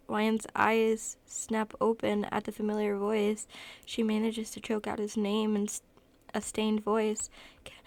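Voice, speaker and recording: A woman narrating a fan fiction story aloud, often correcting herself mid-sentence. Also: mid-range voice. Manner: even storytelling with frequent self-corrections.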